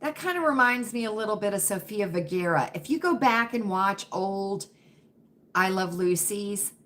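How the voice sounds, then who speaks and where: Chatty woman with a bright voice. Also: mid-range voice, lively intonation, normal speed. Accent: faint Southern US. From Virginia, US South. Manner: chatty, keeps asking viewers "right?" and "you know what I mean?". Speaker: livestream host reading chat. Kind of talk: casual livestream chat.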